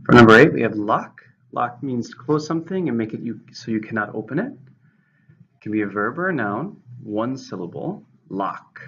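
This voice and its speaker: A man teaches English vocabulary, methodically reading definitions and examples while giving each word's syllables, stress and example sentences. His medium-pitched voice is expressive and fairly bright at a normal speed, on a muffled lo-fi recording with a little hiss or hum.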